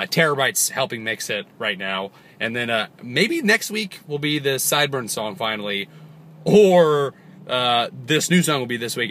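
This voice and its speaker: A young man rambling through a comedic vlog, often jumping into sudden high squeaks and silly voices. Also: bright, forceful tone. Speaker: vlogger.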